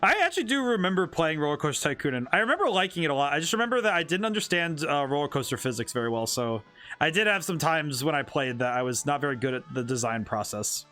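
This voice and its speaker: Lively bright-voiced man streaming a game. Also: fairly high pitch, fast. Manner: rambling, thinking aloud with many restarts. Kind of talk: casual gameplay commentary.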